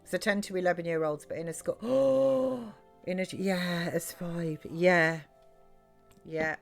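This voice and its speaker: A woman's voice: on the low side, a little slow, creaky, soft background music. A middle-aged British woman chatting loosely while streaming a game, rambling with many fillers and restarts. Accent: British English. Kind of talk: casual chat while live-streaming a game.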